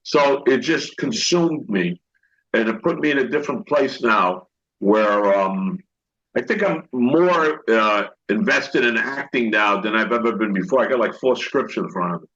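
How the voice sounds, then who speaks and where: A man's voice: lowish voice, expressive, unhurried, a bit bright. An older man, an actor guest, telling rambling anecdotes and acting out what others said, with many restarts. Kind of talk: storytelling interview talk. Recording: dull lo-fi recording.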